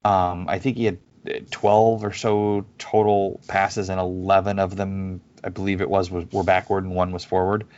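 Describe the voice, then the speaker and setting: A man co-hosting a casual soccer podcast, talking in a halting way with many restarts and fillers. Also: low-pitched, little pitch movement, a little mellow. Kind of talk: casual sports chat. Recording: dull lo-fi audio.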